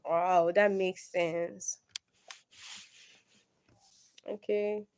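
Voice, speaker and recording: A young woman hosting a casual livestream, slowly reading riddles aloud and answering them herself. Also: fairly low pitch, fairly even intonation, a little mellow, smooth. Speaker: livestream host.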